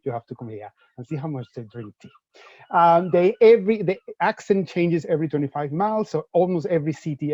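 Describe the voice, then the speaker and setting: A man with a Venezuelan Spanish accent talks with lively enthusiasm, often restarting and repeating his words. His voice sits fairly high yet sounds mellow and dark. The sound is dry and a little muffled, like lo-fi online call audio. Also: no echo. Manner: animated, repeats words as he goes. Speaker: presenter for UK universities. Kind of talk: enthusiastic info-session talk.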